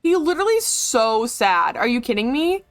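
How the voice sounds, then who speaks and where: A woman streaming a video game live, chatting excitably, swearing and joking as she comments. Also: on the high side, moderate pace, no room sound, faint music behind.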